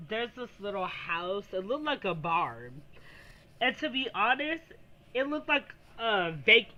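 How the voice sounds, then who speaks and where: Woman, bright voice, casual storytime vlog, rambling, lots of filler words. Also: medium pitch, rough recording. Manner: rambling, heavy use of "like" fillers. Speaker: vlogger.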